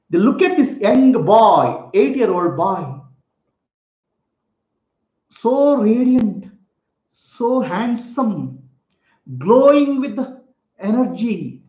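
A man, a spiritual teacher, telling a sacred story for children in simple, repetitive words and explaining terms. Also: high voice. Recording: echoey room, dull lo-fi sound.

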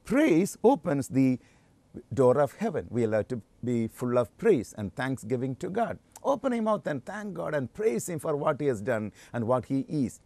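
An earnest male preacher delivering a sermon. His voice is dark and mellow, and his pitch rises and falls a lot as he stresses phrases slowly and repeats them. The sound is dry and close. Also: sing-song, no room sound. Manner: earnest, emphatic, with slow stressed phrases and repetition.

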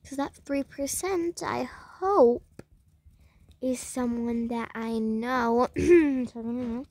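High-voiced young woman chatting over gameplay. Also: takes it slowly, a little mellow, no echo. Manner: chatty, rambling, talks to the game and viewers. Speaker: gameplay vlogger. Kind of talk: casual gameplay commentary.

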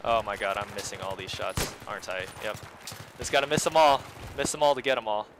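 A man's voice: fairly low pitch, expressive, brisk, noisy background. A man giving live gameplay commentary as a video host, talking casually to his viewers, muttering asides and breaking into sudden exclamations. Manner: casual, chatty, talks straight to viewers.

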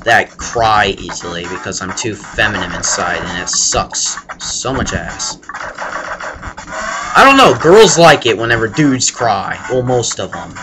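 A man's voice: lowish voice, animated, a little slow. A young man gives rambling, crude casual commentary while playing a game, breaking into sudden yelps. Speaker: let's play gamer. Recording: game music playing loudly behind.

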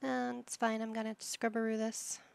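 A woman's voice: on the high side, flat delivery, moderate pace, vocal fry, darkish tone, clear, resonant tone. A woman giving casual let's-play commentary, playful and motherly, with silly made-up words. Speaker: gaming video host.

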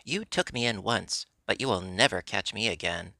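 Man voicing earnest puppet boy, eager, pleading, bright gravelly tone. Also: fairly low pitch, expressive, moderate pace, dry recording, exaggerated voice. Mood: scornful.

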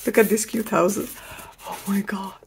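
Middle-aged woman host, unhurried, gravelly, effusive craft haul, faint background hiss. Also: mid-range voice, steady tone. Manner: gushing, enthusiastic, repeats praise words. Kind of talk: casual product haul show-and-tell.

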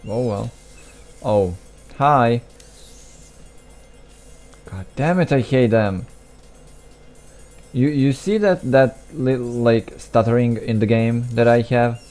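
A young man talks through a game in a slow, unhurried way, with a soft, mellow tone. He mutters, restarts his sentences and makes self-deprecating asides. Faint game music plays behind him. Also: mid-range voice. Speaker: gameplay commentator. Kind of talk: casual gameplay commentary.

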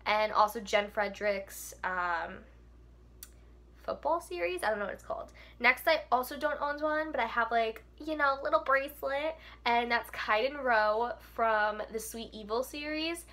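Bright-voiced young woman gushing. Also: on the high side, normal speed. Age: young adult. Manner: gushing, with many "like" fillers. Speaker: book vlogger. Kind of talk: casual chat.

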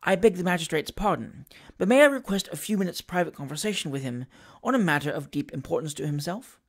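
A dignified older gentleman who stands his ground firmly and with measured indignation, as an audiobook reader puts him on. He speaks with formal, precise courtesy. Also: mid-range voice, lively intonation. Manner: firm and dignified. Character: firm, indignant, good-humoured older gentleman. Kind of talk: audiobook character voice.

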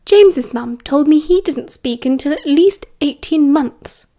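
A woman doing a brisk young British mum. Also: sits high, expressive, dark tone, voice pushed up. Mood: brisk fond. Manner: brisk, lightly scolding. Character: brisk, warm young mother.

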